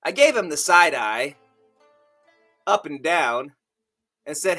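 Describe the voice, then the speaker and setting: A man, an author co-hosting a podcast, narrating an improvised story in first person in a measured, wry way. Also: fairly high pitch, sing-song, bright, forceful tone, soft background music.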